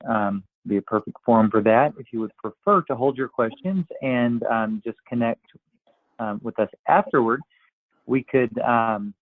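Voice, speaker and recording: A man's voice: medium pitch, normal speed, no echo. A man hosting a webinar, thanking the presenter and inviting questions, with frequent ums. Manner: polite, hesitant with many ums. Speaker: webinar host. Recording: tinny phone-like line.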